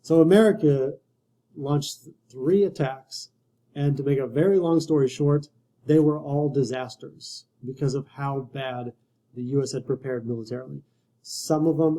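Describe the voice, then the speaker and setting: Man teaching history, dark and wry. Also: medium pitch, rough recording. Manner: conversational and wry, with frequent restarts. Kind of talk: casual recorded lecture.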